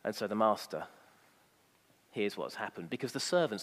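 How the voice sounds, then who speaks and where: A man's voice: on the low side, expressive, moderate pace, a bit bright, big-room sound. A man preaching a sermon, emphatic and fond of rhetorical asides.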